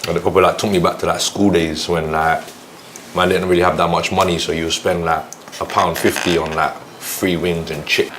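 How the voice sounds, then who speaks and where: A laid-back man with a London accent talks casually in a slangy, relaxed way. His voice is very deep, and there is a noisy background behind him. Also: a little fast. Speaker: music artist guest. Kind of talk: casual chat.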